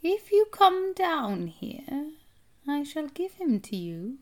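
A woman voicing a creepy grinning witch who lures a boy, with a rasping, metallic voice that sinks into whispers. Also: high-pitched, sing-song, takes it slowly, pitched above the performer's own voice, full character voice. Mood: wheedling. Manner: coaxing, hushed to whispering.

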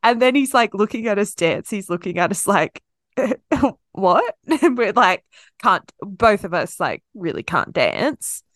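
A woman chats on a podcast, her pitch swinging widely. She tells stories in an animated, giggly way. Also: measured pace, no echo, clean studio sound. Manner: chatty, laughing, animated storyteller. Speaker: podcast co-host. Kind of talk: casual chat.

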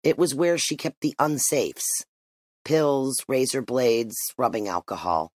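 A narrator reading a literary story aloud in an expressive, measured way. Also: medium pitch, no echo. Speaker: audiobook narrator.

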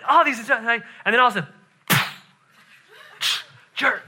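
A man preaches a sermon in a high, piercingly bright voice. He tells his story animatedly, laughs often and keeps checking in with "right?", and he sinks to a hushed, intense delivery for the serious points. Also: expressive, takes it slowly, pauses often, slight background noise.

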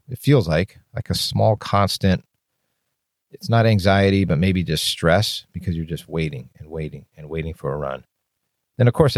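Deep-voiced blunt firefighter podcaster. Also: male voice, darkish tone, no echo, clean studio sound. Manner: blunt and open, casual swearing, rambling restarts. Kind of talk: candid solo podcast monologue.

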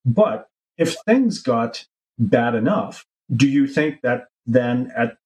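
A man's voice: mid-range voice, expressive, takes it slowly, a little mellow, low-quality recording. A man co-hosting a podcast panel, raising a topic and posing probing questions. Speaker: podcast co-host. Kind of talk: casual panel discussion.

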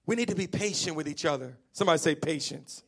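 A man preaching a sermon, animated and emphatic, calling on the congregation to answer back and sometimes half-singing his lines. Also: on the high side, quick pace, gravelly. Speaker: pastor.

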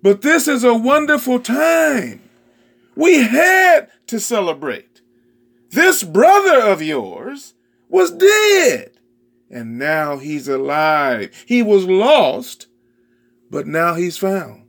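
A preacher playing a gentle pleading father. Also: high-pitched, big pitch swings, slow, full character voice. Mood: tender. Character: patient loving father, older man.

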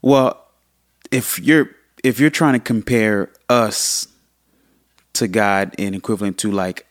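Man, low voice, earnest, animated, casual podcast talk. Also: slow pace, no room sound, clean studio sound. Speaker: podcast co-host.

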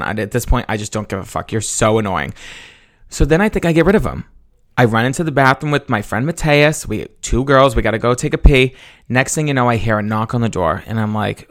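A man's voice: mid-range voice, fast, fairly bright tone, no echo, clean studio sound. Chatty, foul-mouthed young man from Massachusetts. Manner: gossipy, profane, laughs while telling. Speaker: podcast host. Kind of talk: casual solo podcast storytelling.

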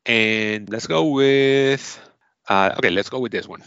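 A man's voice: medium pitch, a little slow, a bit bright, smooth, muffled recording. A man hosting a casual quiz, upbeat and laughing often. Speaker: quiz host.

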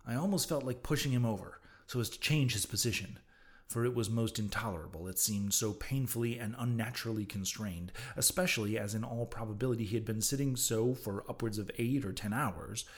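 Man reading a novel aloud. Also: on the low side. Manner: measured, dramatic first-person reading. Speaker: audiobook narrator. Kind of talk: scripted novel narration.

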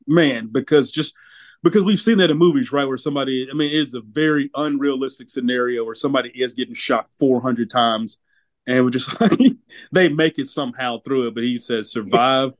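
Casual co-host reviewing a film, mid-pitch guy, rambles and repeats himself, dry close sound. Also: normal speed, dry recording. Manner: rambling, repeats words, laughs while talking. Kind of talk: casual movie review chat.

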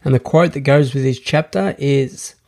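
A man's voice: mid-range voice, moderate pace, a little mellow. A man hosting a podcast in a casual, rambling monologue full of restarts and fillers. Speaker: podcast host.

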